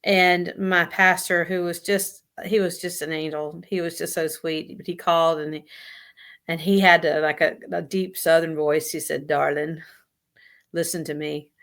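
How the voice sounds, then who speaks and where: A woman speaks in a low-pitched, gravelly voice heavy with fry. She is a guest giving an emotional personal account in an interview. Her speech is halting and hesitant, full of pauses and fillers. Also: fairly even intonation, fairly bright tone. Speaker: guest sharing lived experience of suicide loss.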